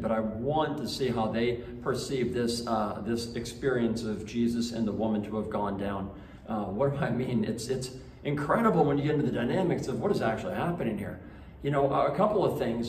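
A man's voice: mid-range voice, a little mellow, slight background noise. A man, a Catholic priest, reading the Gospel and giving a homily at daily Mass in a conversational way, with many fillers and restarts. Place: church. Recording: echoey church from a distant mic.

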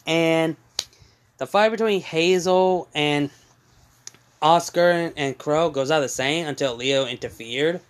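A man casually retelling a fan story as a channel host, halting with fillers and self-corrections. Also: on the high side, clear, resonant tone.

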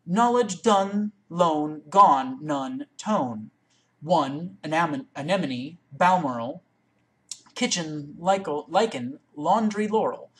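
Woman, deep voice, unhurried, careful word-by-word poem reading, webcam recording. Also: lively intonation, fairly bright tone. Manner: careful, deliberate word-by-word recitation. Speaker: reader. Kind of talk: reading a poem aloud in one take.

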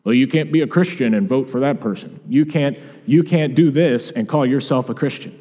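A man's voice: medium pitch, normal speed, mellow, big-room sound, natural voice. A man putting on the voice of a sanctimonious, judgmental churchgoer in a sermon. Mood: scolding. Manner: sanctimonious, scolding. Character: preachy judgmental churchgoer, scolding.

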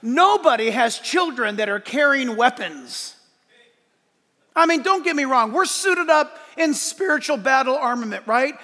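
A man preaching a sermon with a high, bright, forceful voice. He swings between loud emphatic shouts and soft asides. The sound rings with long reverb from a large church sanctuary. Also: lively intonation, unhurried. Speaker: pastor.

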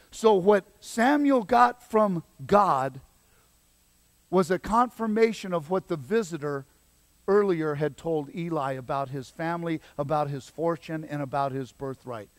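A man preaching a sermon as pastor, swinging between loud exhortation and quiet emphasis. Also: fairly high pitch, a little slow, no echo.

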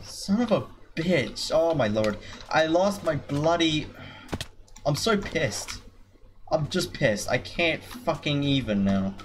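A man's voice: a little high, animated, slow, slight background noise. A man commentating his own gameplay, swearing nonstop and erupting into frustrated outbursts.

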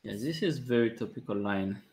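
A man, a chess grandmaster calmly thinking aloud about his moves during a live stream, with light jokes. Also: fairly low pitch, normal speed. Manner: calm, thinking aloud move by move, light joking. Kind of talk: live-stream commentary on his own play.

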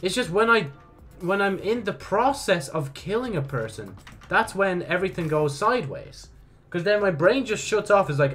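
Young man, gaming commentary, swears a lot, lively pitch, faint music under. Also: moderate pace. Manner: swearing, self-mocking, outbursts of frustration. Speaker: gaming YouTuber. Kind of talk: casual gameplay commentary.

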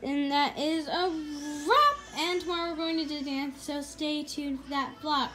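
A young woman vlogging casually from a hotel room and patio, chatty and easily excited. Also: sits high, moderate pace, faint music behind. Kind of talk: casual vlog chat to camera. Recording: noisy handheld camera audio.

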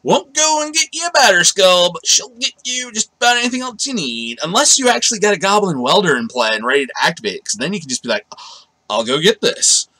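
A man's voice: sits high, sing-song, fast talker, hardly any pauses, sharp tone, dry recording, poor audio. A man giving a casual, rambling card game review, often correcting himself and laughing.

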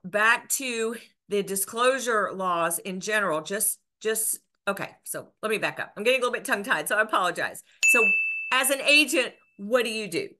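Woman broker explaining the rules to agents, earnest, lots of ums and restarts, kinda high voice. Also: pushed and bright. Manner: earnest, with restarts and filler words. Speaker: real estate broker and instructor. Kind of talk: educational explainer to camera.

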